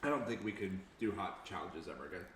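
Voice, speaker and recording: A young man co-hosting a podcast chat, playful and quick to laugh while coughing from a spicy bite. His pitch moves around a lot as he talks. The room gives his voice a noticeable echo, with a faint hiss under it. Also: animated, a bit bright. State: coughing from spice. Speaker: podcast co-host. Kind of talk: casual chat. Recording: echoey room, faint noise.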